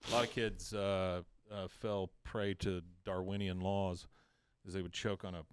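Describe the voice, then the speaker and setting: Man recapping with animated energy. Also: sits low, a little slow, clean tone, dry recording, studio quality. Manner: animated retelling, acting out quoted lines. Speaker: podcast host. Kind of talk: casual recap chat.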